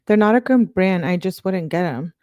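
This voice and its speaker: A woman's voice: on the low side, animated, moderate pace, a little mellow, no echo, highs cut off, lightly acted. A woman reading out the texts of a laid-back, slangy teenage boyfriend in an offhand, casual way, in her own natural voice. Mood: defensive. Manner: offhand, casual read-aloud of text messages.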